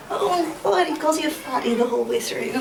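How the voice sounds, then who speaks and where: A woman's voice: on the high side, creaky, background noise. A woman from Britain reviewing an app in a casual, hesitant and wry way, with many fillers.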